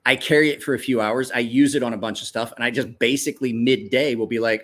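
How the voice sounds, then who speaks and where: Male knife reviewer, mid-range voice, casual and excitable, swears a lot, rambles with restarts. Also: quick pace, few pauses. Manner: excitable, swears freely, jumps up in pitch when quoting himself. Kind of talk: casual show-and-tell chat.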